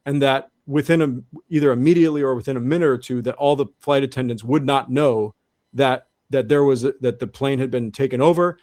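Male guest, earnest and halting, middle pitch, dry recording. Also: darkish tone, dry recording. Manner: earnest, repeats and restarts often. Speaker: guest researcher. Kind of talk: interview monologue.

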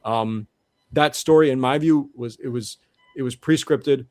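Interview guest, male, mid-pitched, earnest and methodical, frequent restarts, dry close sound. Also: measured pace, a little mellow, no echo. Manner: earnest, restarts often, builds argument step by step. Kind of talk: conversational interview explanation.

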